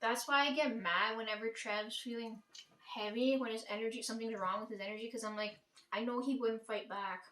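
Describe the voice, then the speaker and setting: A woman's voice: fairly high pitch, steady tone, brisk, fairly bright tone, far from the mic. Blunt, profane woman storyteller. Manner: blunt, profane, emphatic, keeps asking "right?". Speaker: vlogger telling a family story. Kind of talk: casual storytelling to viewers. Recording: echoey room.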